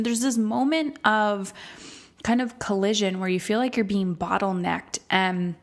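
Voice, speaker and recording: A woman's voice: mid-range voice, unhurried. A woman hosting a solo podcast as a coach, speaking candidly and emphatically and swearing freely.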